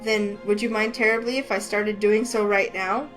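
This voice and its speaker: A woman voicing a shy, soft-spoken young man who talks politely and formally and hesitates, with faint music behind her. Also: mid-range voice, fairly even intonation, moderate pace, pitched below the performer's own voice, lightly acted, poor audio.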